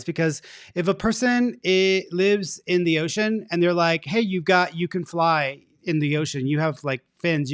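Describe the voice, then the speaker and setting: Male psychic co-host, chatty and animated, higher voice, dry recording. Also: no echo. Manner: chatty, animated, laughs easily. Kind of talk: live reading, casual chat.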